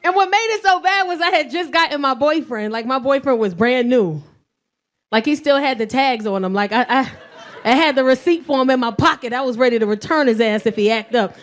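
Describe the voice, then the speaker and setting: Brash high-voiced woman doing stand-up. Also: fairly quick. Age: middle-aged. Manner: brash, profane storytelling with frequent laughter. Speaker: stand-up comedian. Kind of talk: stand-up comedy set. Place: comedy club stage before a live audience. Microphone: handheld stage mic.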